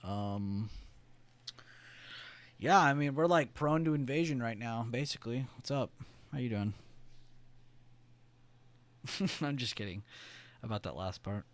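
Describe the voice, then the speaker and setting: Swearing, rambling streamer. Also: male voice, medium pitch, animated, a little slow, pauses often. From United States. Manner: rambling, profane, joking. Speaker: live-stream trading host. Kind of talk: casual live-stream chat, reading viewer comments.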